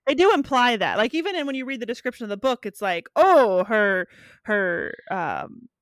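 A woman co-hosting a casual book chat, talking quickly with lots of "like"s. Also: sits high, big pitch swings, no echo. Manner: quick, chatty, trails off with likes. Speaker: podcast co-host.

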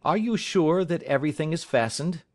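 A man voicing a gentle, anxious young woman, asking soft, concerned questions. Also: fairly high pitch, lively intonation, moderate pace, voice pushed up, natural voice.

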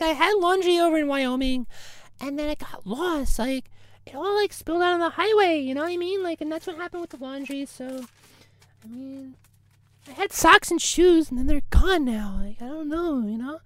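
A woman's voice: very high voice, normal speed, dry recording. A woman playing a vague young man in an improvised comedy bit, mumbling and full of "like" and "you know". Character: aimless young man denying blame. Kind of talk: improvised comedy role-play.

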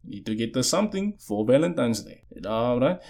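A man's voice: medium pitch, big pitch swings, brisk, creaky, darkish tone. Chatty young man telling a story. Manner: chatty, keeps saying "you know what I'm saying". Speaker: podcast host. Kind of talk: casual storytelling. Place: indoors, seated.

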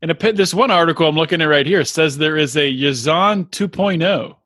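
A man's voice: on the high side, brisk, bright, forceful tone. A man co-hosting a podcast in casual chat, dry, mostly short questions. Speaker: podcast co-host.

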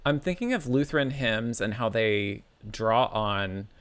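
A man's voice: on the low side, expressive, a little slow, a bit bright, clean tone. Wry, thoughtful man in conversation. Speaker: podcast co-host. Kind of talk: casual literary discussion.

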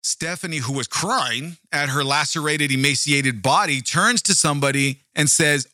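A man's voice: fairly high pitch, unhurried, pushed and bright, no echo, studio quality. A man hosting a true-crime show, reading the case aloud and breaking off into blunt, profane asides to his listeners. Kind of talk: true-crime narration with commentary.

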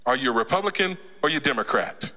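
A man preaching a sermon to his church in a relaxed, joking way, with laughs and frequent restarts. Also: medium pitch, fast talker. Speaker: pastor. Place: church sanctuary. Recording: church hall with long reverb.

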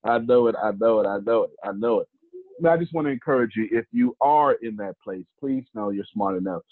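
A man tells personal stories in a casual, joking style, throwing in preacher-like asides to his listeners. His voice is husky and a little rough at mid pitch. It sounds thin and tinny, like a phone call. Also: brisk. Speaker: motivational speaker. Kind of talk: casual storytelling talk. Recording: phone-like lo-fi line.

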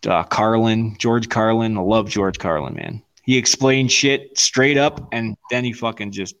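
A man's voice: unhurried, fairly bright tone. A man co-hosting a podcast in casual, profane chat, often acting out movie lines in silly voices. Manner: swears a lot, acts out movie lines in silly high voices. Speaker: podcast co-host.

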